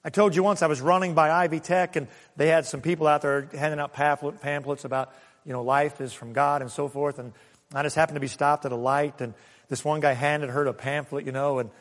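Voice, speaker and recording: A man's voice: a little high, steady tone, brisk, in a large hall. A male pastor preaching a sermon in a conversational way, telling stories and chuckling, then pressing his points with more force. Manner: swings from soft asides to raised emphatic points.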